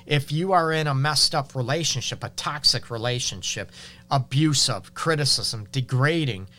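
Bright-voiced man giving frank advice. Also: mid-range voice, normal speed. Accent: Detroit. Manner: frank, conversational, many fillers. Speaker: relationship advice show host. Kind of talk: casual advice talk.

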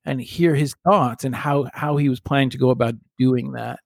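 A man co-hosting a podcast chats casually, musing and rambling with playful banter. His mid-range voice moves at a moderate pace with some vocal fry. The studio recording is clean, with no room sound.

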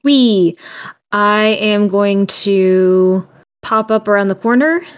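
A woman's voice: medium pitch, steady tone, slow, smooth. A woman playing a tabletop role-playing game, talking casually and a little hesitantly. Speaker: player.

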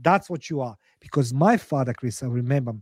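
Expressive and fairly quick, a middle-aged man's mid-range voice comes through a dry, studio-quality recording. An author appearing on a podcast, he speaks English as a second language, blunt and earnest, his emotional interview answers laced with frequent swearing.

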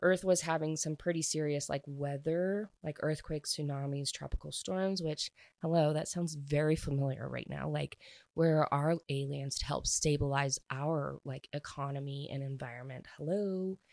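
A woman's voice: low-pitched, fairly even intonation, normal speed, vocal fry, darkish tone, no room sound. A young adult woman casually recapping a story, rambling with many fillers. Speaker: vlogger.

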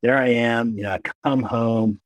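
A middle-aged man from Kentucky, an emergency doctor telling animated, self-deprecating stories as an interview guest. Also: mid-range voice, normal speed, no echo. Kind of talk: casual interview storytelling.

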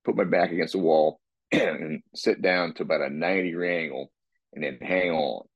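A man with a very deep, husky voice explains his workout in casual podcast talk. He rambles and restarts, and he often clears his throat. The sound is dry and muffled. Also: normal speed, dry recording. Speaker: guest describing his workout.

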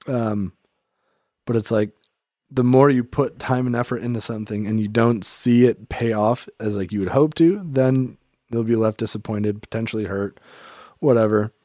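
A man with a lowish, mellow voice talks at a moderate pace, rambling reflectively through his thoughts in a casual faith-themed chat, filling his speech with "like" and restarting sentences. The recording is dry and studio quality.

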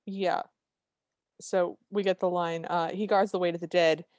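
A woman's voice: fairly low pitch, flat delivery, unhurried, darkish tone, no room sound. A woman co-hosting a podcast, recapping a movie in casual chat with dry, wry humor. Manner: dry, wry storytelling with quoted lines. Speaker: podcast co-host.

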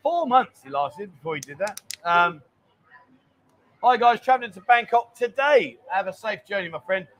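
A man's voice: high-pitched, lively intonation, moderate pace, fairly bright tone. A man hosting a casual live stream, chatting and reading out viewer greetings. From England.

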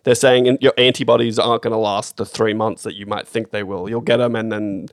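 A man's voice: on the low side, steady tone, a little fast, no room sound, studio quality. A young Australian man chatting casually as a podcast co-host, rambling and swearing offhandedly. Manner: laid-back, swears casually, rambling storytelling. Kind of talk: casual chat.

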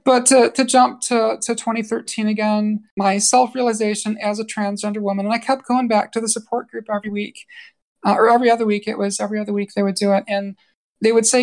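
A woman's mid-pitched voice with a gravelly, creaky edge. She is a guest from New York on a podcast interview. She tells her own story openly and earnestly, often stopping to restart a phrase. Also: little pitch movement, fast talker, a little mellow. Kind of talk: candid personal interview.

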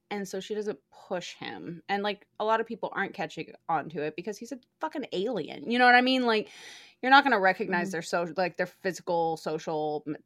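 A woman's voice: fairly low pitch, no room sound, studio quality. A young woman chatting casually as a podcast co-host, gushing and swearing freely with lots of fillers. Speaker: podcast co-host reviewing a book. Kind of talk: casual chat.

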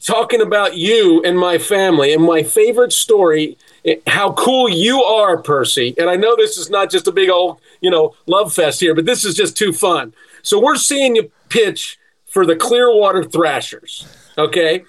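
Middle-aged man, high pitch, chatty agent who tells stories animatedly. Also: moderate pace, rough recording. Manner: animated storyteller, laughs often. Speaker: sports agent. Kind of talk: casual chat.

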